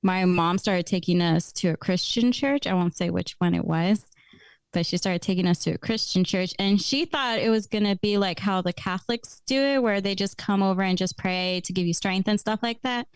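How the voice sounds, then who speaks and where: A young woman chats as a podcast guest, telling her stories in a lively way and laughing often. Her voice sits in a middle register and is recorded close and dry, with no room sound. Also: mid-range voice, normal speed, clear, resonant tone, no room sound. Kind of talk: casual chat.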